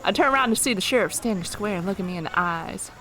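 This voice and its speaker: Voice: mid-range voice, expressive, fast, pushed and bright. Streamer reading a western game aloud. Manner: playful, laughing asides.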